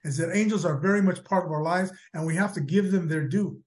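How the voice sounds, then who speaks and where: A man co-hosting a talk show, speaking earnestly and reflectively, often pausing on fillers. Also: high-pitched. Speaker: co-host. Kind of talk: casual radio talk.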